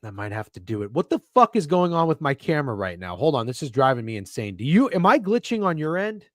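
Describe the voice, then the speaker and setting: This young man co-hosts a sports betting podcast via video call, cracking profane jokes and getting flustered by camera trouble. He speaks fast in a slightly high, sing-song voice. The recording is studio quality, without any echo.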